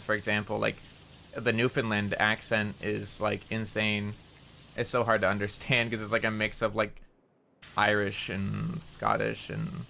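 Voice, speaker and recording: A man's voice: on the low side, creaky, sharp tone, slight background noise. A man with a mild rural Canadian accent, chatting casually and rambling as he streams a game, peppering his talk with "like" and casual swearing. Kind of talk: casual chat while gaming.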